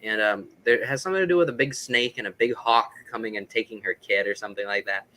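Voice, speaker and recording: A man speaks in a bright, forward voice, rambling eagerly through his explanations. He stumbles and restarts often, filling pauses with ums. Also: fairly low pitch, poor audio. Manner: rambling, filler-heavy, enthusiastic explaining. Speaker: guest, record collector. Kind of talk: casual interview chat.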